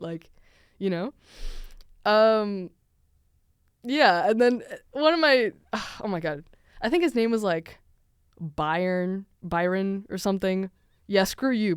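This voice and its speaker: A woman's voice: medium pitch, lively intonation, normal speed, clean tone, no room sound. Young Venezuelan woman, podcast host, rambling chatty storyteller with a dry, close sound. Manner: chatty, many fillers, laughs often. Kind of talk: casual storytelling.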